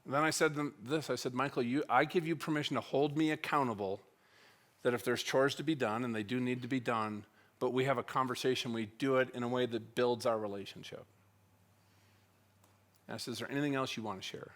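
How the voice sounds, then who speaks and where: A middle-aged man gives a story-driven talk at a church. His voice is mid-pitched, and he swings between loud, punchy lines and quiet, soft ones as he acts out the conversations. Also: a little fast. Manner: animated, acts out dialogue with wide swings in loudness. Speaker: church speaker.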